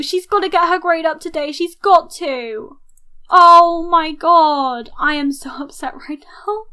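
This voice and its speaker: A young woman giving chatty let's-play commentary, reacting loudly to her game with gasps and laughs. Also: high-pitched. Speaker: gaming YouTuber.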